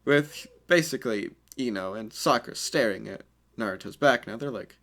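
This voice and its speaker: A man's voice: medium pitch, normal speed, fairly bright tone. A man improvising a fan story in a rambling, crude and self-conscious way.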